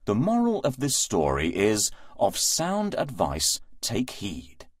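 Slow, expressive male storybook narrator. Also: fairly low pitch. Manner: sing-song and expressive.

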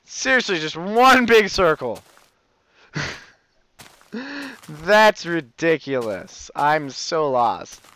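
A man's voice: on the high side, very animated, extremely slow, pauses often, pushed and bright. A man doing goofy, rambling Let's Play commentary, breaking into whiny mock-crying outbursts. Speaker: gamer, channel host.

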